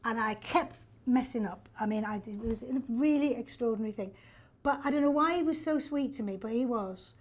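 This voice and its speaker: Lively older actress. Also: female voice, a little high, brisk. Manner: lively, self-deprecating, laughs often. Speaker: stage actor. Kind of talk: backstage storytelling. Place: theatre backstage.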